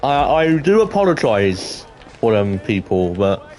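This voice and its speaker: A teenage boy telling a school story to camera in an excitable, rambling way, full of restarts and exclamations. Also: fairly low pitch, a little slow, slight background noise. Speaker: vlogger.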